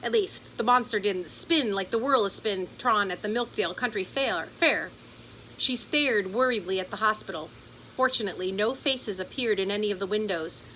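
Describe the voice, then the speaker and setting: A woman reading a children's chapter book aloud in an expressive storytelling voice. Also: medium pitch, moderate pace, slight background noise, low-quality recording. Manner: expressive, does character voices. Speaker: audiobook narrator.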